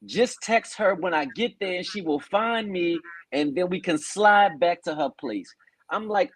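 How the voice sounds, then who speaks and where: A man's voice: sits high, expressive, a little slow, no echo, low-quality recording. A man hosting a talk show, animatedly telling a listener's story and acting out the quotes. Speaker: podcast host.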